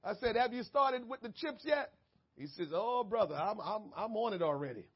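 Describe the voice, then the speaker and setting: A man pastor preaching a sermon, moving from calm storytelling to shouted, fervent preaching. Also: high voice, moderate pace, husky, muffled recording.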